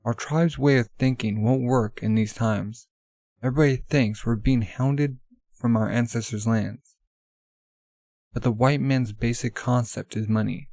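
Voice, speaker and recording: A man voicing a calm, stubborn young male runner who explains his reasoning in a measured way. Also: mid-range voice, no room sound, studio quality, lightly acted. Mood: calm resolve.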